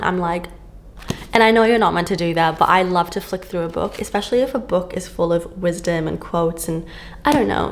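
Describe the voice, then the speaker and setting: A woman book vlogger chatting casually to camera, gushing and full of fillers, filmed at home on a camera on a stand. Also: fairly low pitch.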